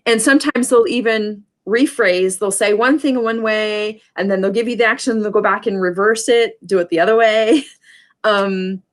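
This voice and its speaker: A woman's voice: mid-range voice, normal speed. A woman teaching a sign language class online, explaining casually with many fillers and restarts over a computer mic.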